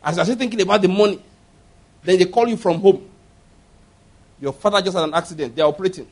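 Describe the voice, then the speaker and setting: Pastor guy preaching, pretty high voice, repeats stuff, says it with force. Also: fast talker, darkish tone. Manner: emphatic, instructing, with many repeats and rising force. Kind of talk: sermon.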